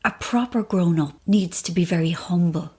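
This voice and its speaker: Frank, slightly husky woman in her fifties. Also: lowish voice, moderate pace, darkish tone. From Ireland. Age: 50s. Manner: frank, self-deprecating, thinks aloud. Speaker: novelist guest. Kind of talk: candid interview conversation. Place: hotel room. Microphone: mic perched on an ironing board.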